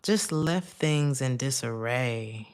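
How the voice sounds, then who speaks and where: Low-voiced woman giving a chatty tarot reading. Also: expressive, slow pace, darkish tone, smooth. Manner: chatty, laughs often, drifts into asides. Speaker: tarot reader.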